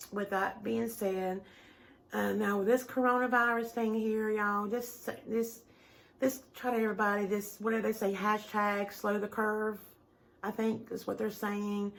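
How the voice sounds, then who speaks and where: A middle-aged woman chatting warmly and rambling to her home-video viewers. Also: medium pitch, creaky. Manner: chatty, rambling, heartfelt, says y'all a lot. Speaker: home decor vlogger. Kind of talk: casual chat to camera. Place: at home, indoors.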